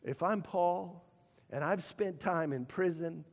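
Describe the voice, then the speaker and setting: Male preacher, high voice, slow delivery, repeats words, moves between loud calls and hushed lines. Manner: preaching with repetitions and dramatic pauses, swinging from loud to hushed. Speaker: pastor. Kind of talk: sermon. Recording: long reverb of a church hall.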